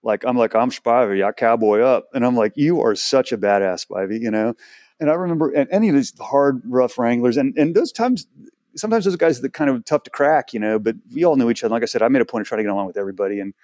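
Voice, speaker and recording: A man in his forties from Houston tells animated, rambling stories as a podcast guest. His voice sits at a middle pitch with plenty of restarts. The sound is dry and close. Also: quick pace, dry recording. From Houston, Texas. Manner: animated, chatty, many restarts. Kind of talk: casual storytelling interview.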